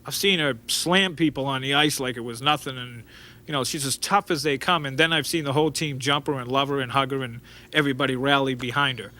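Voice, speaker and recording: A man's voice: medium pitch, fairly quick. A man, telling rambling stories in an interview and acting out quotes as he goes. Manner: rambling and animated, with frequent restarts and acted-out quotes. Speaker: interview guest. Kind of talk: storytelling interview.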